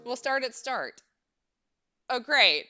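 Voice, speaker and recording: A young woman streamer with a slightly high voice, lively intonation and slow pace chats casually and nervously while playing a game. Her let's-play talk is babbly and full of fillers, with game music in the background.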